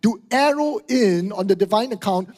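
A man's voice: sits high, expressive, moderate pace, darkish tone. A middle-aged man, preaching a sermon with emphatic repetition and frequent "right?" and "okay?". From Singapore. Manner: emphatic, repeats key phrases, asks "right?" and "okay?". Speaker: pastor. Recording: hall reverb.

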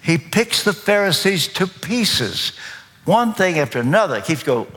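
A man with a Kentucky accent preaching a sermon as pastor, slow, deliberate and emphatic. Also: high voice, big pitch swings, bright, forceful tone. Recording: long reverb of a large hall.

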